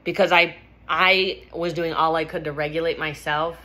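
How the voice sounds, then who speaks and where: A woman's voice: low voice, steady tone, moderate pace, sharp tone. A woman vlogger telling a personal story in a candid, emphatic way, swearing freely.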